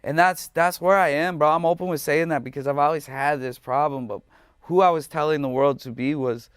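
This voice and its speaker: A man's voice: a little high, steady tone, brisk, fairly bright tone, clear, resonant tone, dry recording, studio quality. A man speaking as a musician guest in an interview, candid, emotional and passionate, swearing freely.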